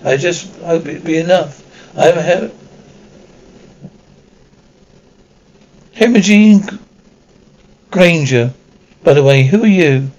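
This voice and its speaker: A bossy young witch who rattles off everything she knows at speed, as a man reading the book puts her on. The voice sits a little high with a gravelly grain, and the tone is a storybook one. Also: sing-song, darkish tone, highs cut off, full character voice. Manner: talks very fast and bossily. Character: bossy know-it-all schoolgirl witch.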